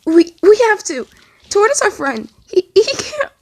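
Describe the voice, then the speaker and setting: A woman voicing a distraught young man who pleads through tears, his voice climbing high and breaking. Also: a little slow, vocal fry, darkish tone, heavily acted. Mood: distressed.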